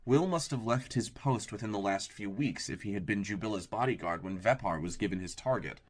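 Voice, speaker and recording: Reading an audiobook, a man keeps his storytelling steady and even. His voice sits fairly low in pitch, and his pace is a little fast.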